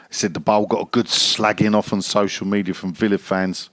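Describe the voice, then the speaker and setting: A man's voice: lowish voice, steady tone, normal speed, fairly bright tone, no echo. A man co-hosting a football podcast, reading out listener questions with blunt, sweary, mocking remarks. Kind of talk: casual football podcast banter.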